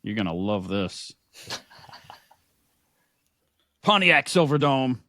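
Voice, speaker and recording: A man's voice: medium pitch, sing-song, slow pace, pushed and bright. A man co-hosting a podcast, telling stories in casual chat, joking and crude. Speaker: podcast co-host.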